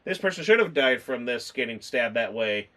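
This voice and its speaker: A man hosting a casual movie review chat, rambling and animated, acting out scenes in quick character voices. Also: medium pitch. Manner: rambling, full of fillers.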